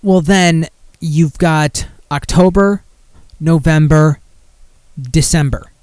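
A man's voice: fairly high pitch, slow pace, darkish tone, no room sound. A man hosting a beer podcast in casual chat, rambling and blunt with frequent swearing. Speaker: podcast host.

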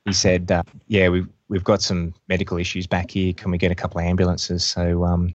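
Male pilot guest, deep monotone, muffled dry recording, hesitant storytelling. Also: no room sound. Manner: halting, many fillers and restarts. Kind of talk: recounting a rescue story. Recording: dull lo-fi dry sound.

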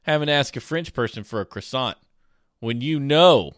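A man's voice: medium pitch, moderate pace, no room sound, clean studio sound. A man from South Alabama, chatting casually as a streamer and rambling through stories. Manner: rambling, animated storyteller. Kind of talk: casual chat.

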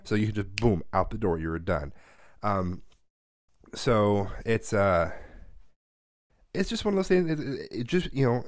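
Profane ranting man with a low voice. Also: animated, a little slow, dry recording, studio quality. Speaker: podcast co-host. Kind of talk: casual chat.

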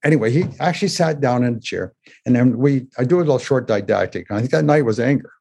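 Older man, husky, mellow dark tone, animated storyteller, says "eh?". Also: medium pitch, fast. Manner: animated retelling, acting out voices in quotes; says "eh?" at ends of phrases. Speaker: guest telling his story. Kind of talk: emotional personal storytelling.

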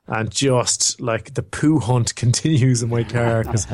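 A man's voice: medium pitch, a little slow, darkish tone. A young man, chatting and joking on a podcast, rambling with lots of filler words. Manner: rambling, jokey, full of "like" and "um". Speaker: podcast co-host. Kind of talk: casual chat.

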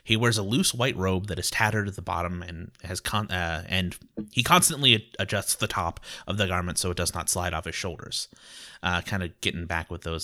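Male podcast co-host, low and bright voice, rambling casual chat. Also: brisk. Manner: rambling and animated, full of "like" fillers. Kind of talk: casual chat about tabletop adventures.

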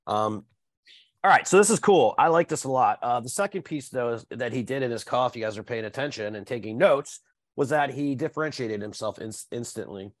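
A man's voice: medium pitch, a little fast, no echo. A male host with a mid-range voice talks bluntly and swears freely in casual chat. He now and then mimics the people he is talking about. The sound is dry and close. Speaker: podcast host.

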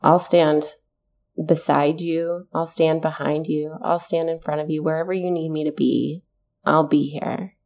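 A woman's voice: low-pitched, steady tone, unhurried, vocal fry, a little mellow. A woman, a mother in her thirties, earnestly telling a personal story in a casual chat, swearing now and then when heated.

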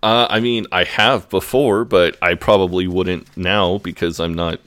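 A man's voice: deep voice, a little slow, smooth. An American man co-hosting a podcast, casually retelling a TV episode with fillers and easy laughter. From United States. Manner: relaxed storytelling with fillers, laughs easily. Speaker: podcast co-host. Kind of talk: casual chat recapping a show.

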